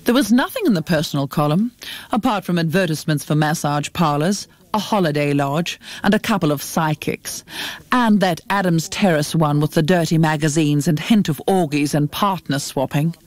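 A woman narrating a novel in a measured, expressive reading. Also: sits low, no echo. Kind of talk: audiobook narration.

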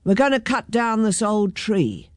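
A woman's voice: medium pitch, big pitch swings, measured pace, no room sound, studio quality. A woman voicing a pair of blunt workmen in a storybook, speaking matter-of-fact. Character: two gruff workmen with saws.

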